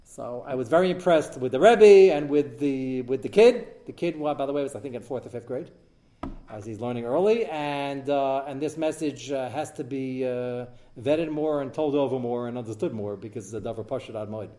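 A man's voice: mid-range voice, moderate pace, dark tone. A man hosting a talk show, telling a story in a rambling way and peppering his speech with Hebrew and Yiddish terms. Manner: repeats and restarts while telling a story.

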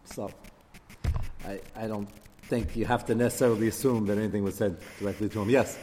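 A man giving a Torah class lecture, taking questions and acting out the quotes he reads with quick asides. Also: medium pitch, a little mellow. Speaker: rabbi teaching a class. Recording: reverberant hall with faint background noise.

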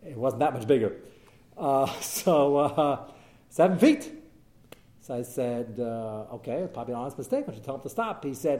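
A man, a rabbi, giving a Torah class, telling cases with animated storytelling and sprinkling in Hebrew and Yiddish terms. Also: medium pitch, moderate pace. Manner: talks in short bursts with frequent fillers and restarts. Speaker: rabbi answering questions of Jewish law.

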